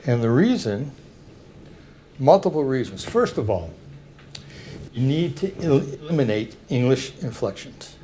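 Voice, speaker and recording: An older man giving a public talk, slowly and carefully explaining examples to an audience. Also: medium pitch, very animated, dark tone, a little hiss or hum.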